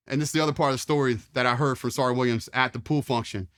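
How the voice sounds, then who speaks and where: A man's voice: medium pitch, quick pace, a bit bright. A man in his forties from Virginia telling stories in a casual, rambling way, full of fillers and mild swearing. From Charlottesville, Virginia, US. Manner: rambling with many fillers, mild profanity, acts out quotes. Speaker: interview guest, former Marine. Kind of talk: casual storytelling.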